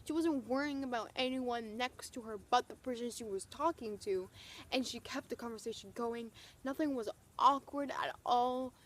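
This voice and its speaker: A young woman vlogging, telling an excited story in a gushing, breathless way, full of "like" and "oh my gosh". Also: a little high, normal speed.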